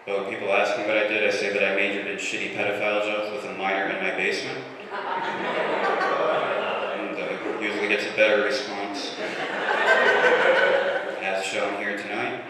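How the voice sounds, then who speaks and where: A young man in his twenties doing a deadpan stand-up set, slipping into voices for the people he quotes. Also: on the low side, moderate pace, pauses often, distant mic. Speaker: stand-up comedian. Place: comedy club stage. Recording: roomy live club recording with room noise. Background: audience laughter.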